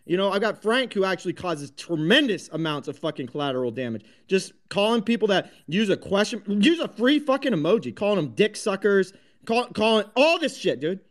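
A man's voice: high voice, very animated, brisk. A man hosting a live online audio room, ranting combatively with constant swearing and frequent restarts. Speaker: host of a crypto talk space.

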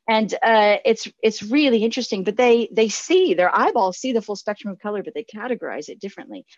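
A woman in her forties, a pastor giving a sermon, earnest and reflective, often restarting her sentences and laughing softly. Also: medium pitch, no echo, dull audio.

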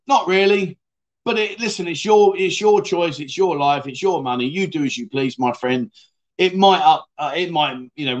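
A middle-aged man hosting a casual livestream, chatty and matey as he rambles and reads out viewer comments. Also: fairly high pitch. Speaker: livestream host.

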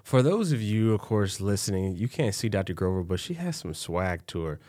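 A man's voice: lowish voice, very animated, moderate pace, mellow, no echo. A man co-hosting a podcast interview, talking in an enthusiastic, chatty way. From Texas. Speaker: podcast co-host.

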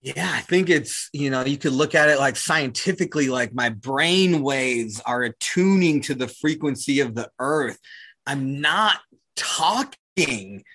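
A man from New Zealand with a New Zealand accent, talking casually as an interview guest, full of "like" and "right?" and quick to laugh. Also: medium pitch, animated, a bit bright. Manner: casual, heavy use of "like" and "right?", laughs easily. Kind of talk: reflective conversational interview.

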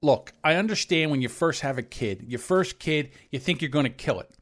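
A man's voice: a little high, brisk. A middle-aged man co-hosting a podcast, telling stories in casual chat and acting out the voices of people he quotes. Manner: animated storytelling, acts out quoted voices. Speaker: podcast co-host. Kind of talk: casual opinion talk.

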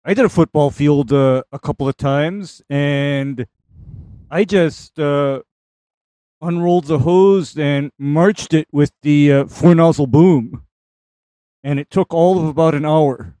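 A man co-hosting a call-in show, walking listeners through spraying methods in a measured way. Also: a little high, dark tone, dry recording. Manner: measured, explains methods step by step. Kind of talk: casual technical talk.

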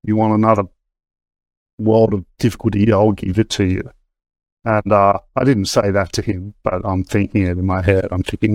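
This is candid conversational storytelling from a middle-aged man being interviewed, who speaks casually and keeps stopping and starting over. His voice sits lowish and darkish, with a flat delivery at a moderate pace, and no echo is present.

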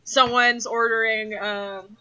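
A woman's voice: on the high side, level tone, takes it slowly, dull audio, a crowd in the background. A woman co-hosting a podcast, chatting casually with friends, laughing often and swearing freely. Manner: laughing, swearing, mimics diners in quotes. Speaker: podcast co-host. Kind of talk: casual chat.

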